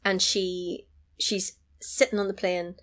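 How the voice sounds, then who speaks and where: Woman gabbing about a film, lively storyteller, cusses, laughs a lot. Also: medium pitch, takes it slowly. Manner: animated storyteller who swears and laughs easily. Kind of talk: casual chat, retelling a film.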